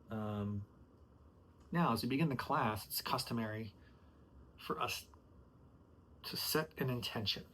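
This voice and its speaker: A man hosting his own podcast, practicing how to lead a chair yoga class, with slow soothing cues broken by frustrated, joking asides where he swears and says "dude.". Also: medium pitch, fairly bright tone, a little hiss or hum. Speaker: podcast host rehearsing as yoga instructor.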